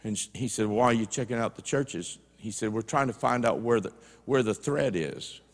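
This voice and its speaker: A man's voice: fairly low pitch, lively intonation, normal speed, in a large hall. A man preaching a sermon in a church, telling stories in a folksy way and retelling conversations line by line. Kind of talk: sermon storytelling. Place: church sanctuary.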